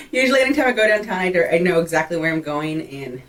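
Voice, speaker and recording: A woman's voice: lowish voice, sing-song, fast, slight background noise. A young woman from Texas chatting casually in a pregnancy vlog, laughing often, full of fillers and a little short of breath. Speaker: vlogger. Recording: voice a bit far from the mic.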